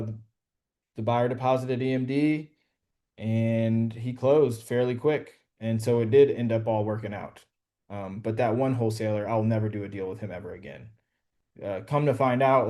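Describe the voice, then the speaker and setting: A man's voice: medium pitch, darkish tone. A man casually telling a story to a group on a call, slangy and profane, full of "bro" and "like". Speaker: real estate wholesaler coaching a group.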